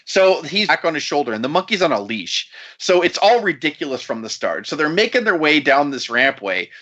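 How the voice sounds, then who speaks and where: A male podcast co-host tells a story in a loose, profane, laughing way. His bright, somewhat high voice swings up and down a lot. The recording is a bit dull and lo-fi. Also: brisk. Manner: profane, laughing, animated retelling. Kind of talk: casual storytelling chat.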